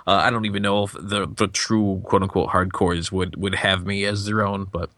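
A man's voice: low voice, level tone, moderate pace, sharp tone, no echo. A man co-hosting a casual podcast chat, rambling with many restarts and fillers. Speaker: podcast co-host.

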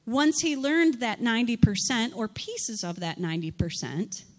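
A woman pastor delivering a sermon in an animated way, asking rhetorical questions and acting out scripture dialogue. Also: a little high, normal speed. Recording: long hall reverb.

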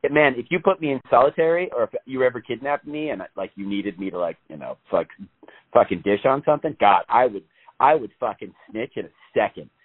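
A man talking casually on a podcast, rambling along with plenty of laughter and swearing. His pitch swings widely as he talks. The sound is thin and tinny, like a phone line. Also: animated, fairly quick. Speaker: podcast co-host. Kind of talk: casual chat.

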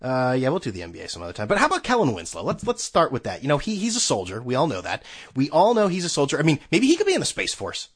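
A man's voice: medium pitch, huge pitch swings, fast, slightly rough. A man hosting a podcast alone, rambling in a sarcastic, casual way and swearing freely. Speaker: podcast host. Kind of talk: casual solo chat.

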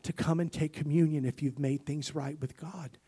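A male pastor preaching a sermon, swinging between loud bursts and soft near-whispers and calling for amens. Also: fairly high pitch, fairly even intonation, moderate pace, breathy edge.

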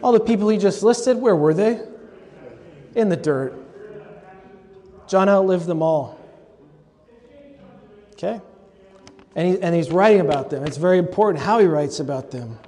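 A man's voice: sits high, dark tone. A man giving a conversational, humorous scripture lecture as a host, with asides to his audience. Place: large lecture hall at a convocation. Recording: long hall reverb from a live talk.

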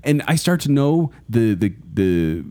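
A man's voice: mid-range voice, sing-song, a little slow, mellow. A man co-hosting a podcast in casual chat, rambling enthusiastically with many fillers and restarts. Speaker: podcast co-host.

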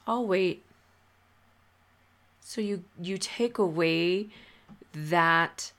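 A woman hosting a podcast, giving advice in a relaxed, conversational way with many fillers and restarts. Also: low-pitched, vocal fry. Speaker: podcast host. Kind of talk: casual advice talk.

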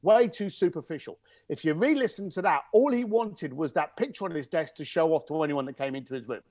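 A man as an interview guest, telling an anecdote in a lively conversational way and acting out the voices of the people in it. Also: a little high, a little fast, dry recording. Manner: animated, acts out the voices in his anecdotes. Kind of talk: conversational storytelling.

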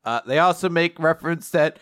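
A man's voice: on the high side, fairly quick, a bit bright, no echo, studio quality. A man casually recapping a manga with a co-host, sarcastic and often laughing, sometimes acting out lines. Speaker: podcast co-host.

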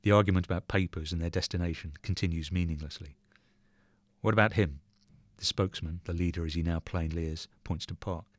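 A man reading a short story aloud in measured, even narration. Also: deep voice, no room sound. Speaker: reader.

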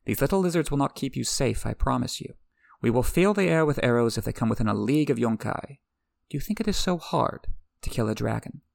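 A man's voice: medium pitch, expressive, brisk, gravelly, a little mellow, dry recording, clean studio sound. A man reading the lines of a haughty male slaver envoy, oily and menacing.

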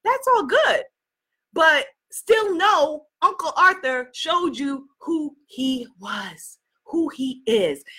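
Woman from new york chatting to her livestream viewers, high bright voice, lively, laughs a lot. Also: breathy edge. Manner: animated, laughs often, greets viewers by name. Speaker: livestream host. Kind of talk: casual motivational talk to a live audience.

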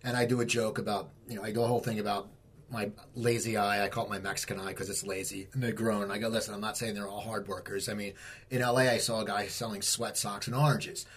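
A man's voice: fairly low pitch, flat delivery, quick pace, a bit bright, slightly rough. A man, a comedian, chatting casually and telling self-deprecating jokes in a rambling way. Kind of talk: casual conversation.

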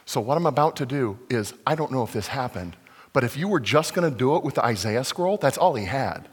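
A man preaching a sermon as pastor, acting out scenes and swinging from loud excitement to hushed, intimate lines. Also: mid-range voice, moderate pace, slightly rough. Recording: long hall reverb.

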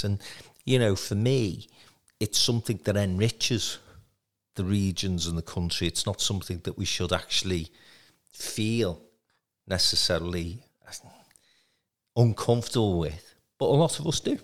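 A man's voice: sits low, unhurried. A man hosting a podcast interview, talking in a chatty, encouraging way with plenty of fillers. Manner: warm, encouraging, rambling with fillers. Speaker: podcast host.

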